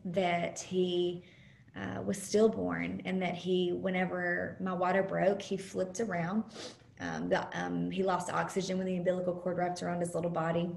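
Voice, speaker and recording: A woman giving an earnest, halting personal testimony as a guest speaker over a video call, pausing often with fillers. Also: lowish voice, gravelly. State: close to tears at times. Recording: roomy video call audio.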